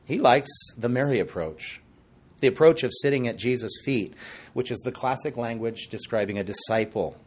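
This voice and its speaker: Male preacher, husky tone, animated storyteller working the congregation. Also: mid-range voice, normal speed. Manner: animated storytelling with acted quotes and asides. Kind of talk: sermon.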